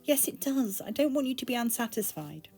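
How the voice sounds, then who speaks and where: A woman's voice: a little high, lively intonation, fairly quick, warm tone, faint music behind, pitched above the performer's own voice. A British woman voicing an anxious teenage girl in love, pleading and emotional. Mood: tender.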